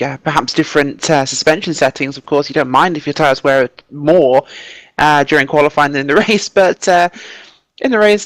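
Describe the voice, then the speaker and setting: Smooth-voiced male co-commentator. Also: on the high side, a bit bright, no echo, rough recording. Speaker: race co-commentator. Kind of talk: sim-racing broadcast commentary.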